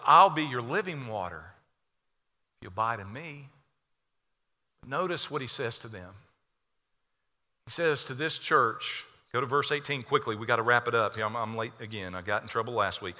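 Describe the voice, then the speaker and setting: A man's voice: medium pitch, expressive, normal speed. Impassioned preacher man in a reverberant hall. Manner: impassioned, swinging from loud to hushed. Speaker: pastor. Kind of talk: sermon. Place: church sanctuary.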